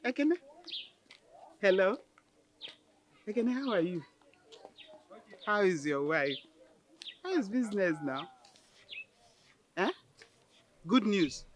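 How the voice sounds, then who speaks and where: An actress with a Nigerian accent playing an excitable, devout older village mother on a phone call, soon to be a grandmother. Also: mid-range voice, takes it slowly, pauses often, a little hiss or hum. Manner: exclamatory, breaks into praise and cries. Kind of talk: film acting.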